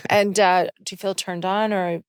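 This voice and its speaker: A woman hosting a comedy podcast, teasing her guests with quick reactions. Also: medium pitch, little pitch movement, clear, resonant tone, no echo, studio quality. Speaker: podcast host.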